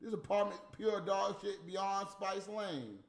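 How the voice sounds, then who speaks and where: High-pitched yet gravelly, the man's voice keeps a measured pace while he puffs on a cigarette and heatedly ridicules people who aren't around. The casual, profane monologue was captured in an echoey room with faint music.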